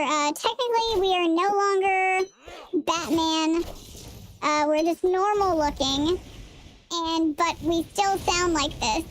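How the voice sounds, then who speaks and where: A young adult woman game streamer, talking through a voice changer filter, chatty and thinking out loud as she plays and answers her chat. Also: very high-pitched, slight background noise. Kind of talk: casual live-stream chat while playing.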